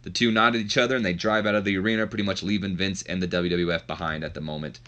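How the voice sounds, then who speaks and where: A man chatting his way through a wrestling management game, with casual, self-deprecating commentary. His voice is low-pitched yet bright and forceful, and he often restarts his sentences. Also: steady tone, fast, muffled recording. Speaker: game streamer. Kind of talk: casual let's-play commentary.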